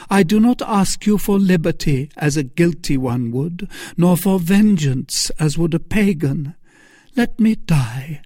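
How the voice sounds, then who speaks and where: A man's voice: high-pitched, warm tone, husky, no room sound, clean studio sound, pitched above the performer's own voice, exaggerated voice. A man voicing a scheming woman prisoner who pleads in tearful, pious tones, raising his voice well above his own. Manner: tearful, imploring, theatrically devout. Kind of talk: audiobook character voice.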